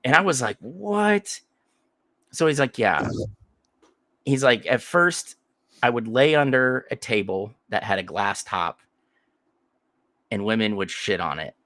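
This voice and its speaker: A man on a podcast tells a long, crude story in loose, rambling chat. His voice is low and bright, with a forceful edge. The sound is dry and close, with no room echo. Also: a little slow, pauses often. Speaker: podcast co-host.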